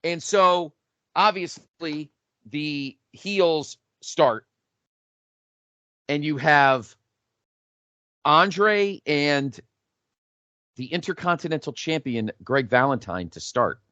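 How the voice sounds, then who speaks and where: A man co-hosting a podcast, telling an imagined match as animated, profane play-by-play in casual chat. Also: on the high side, drawn-out words, pauses often, no echo, dull audio. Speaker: podcast co-host.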